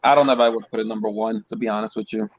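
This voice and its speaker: A man chatting casually on a podcast in a quick, offhand way. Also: fairly low pitch, fairly even intonation, dull audio.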